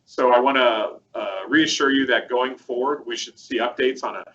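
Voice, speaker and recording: A man's voice: medium pitch, normal speed, fairly bright tone, lo-fi sound, a little hiss or hum. A man co-hosting a casual webcast, chatty and rambling with plenty of fillers as he walks through a product demo. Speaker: co-host presenting a product demo.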